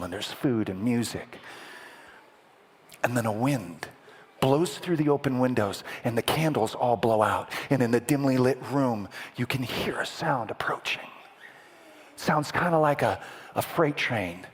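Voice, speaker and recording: A man preaching a sermon as vivid storytelling, dramatic and playful with the congregation, building to loud peaks and dropping to a whisper. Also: medium pitch, husky. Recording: echoey hall with long reverb.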